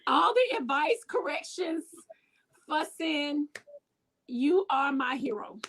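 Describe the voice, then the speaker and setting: A woman's voice: high voice, animated, takes it slowly, fairly bright tone, poor audio. A woman hosting a talk show over a video call, bubbly and effusive, talking straight to her listeners. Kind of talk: enthusiastic video-call interview.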